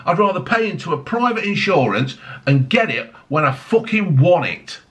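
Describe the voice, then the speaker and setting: A man's voice: on the high side, big pitch swings, normal speed, hardly any pauses, fairly bright tone. A man ranting angrily on his vlog, swearing heavily, mocking people and piling on tag questions. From United Kingdom. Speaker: vlogger. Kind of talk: angry political rant.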